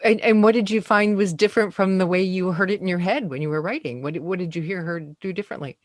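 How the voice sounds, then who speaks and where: A woman's voice: lowish voice, fast. A woman hosting a podcast interview, asking questions and thanking her guest graciously. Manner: gracious and appreciative. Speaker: podcast host.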